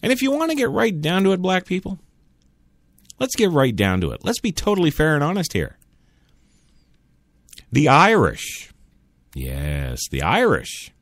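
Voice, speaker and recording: A man's voice: mid-range voice, dry recording. A man hosting a talk radio show, arguing bluntly and sarcastically with imagined listeners. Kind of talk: opinionated solo talk radio monologue.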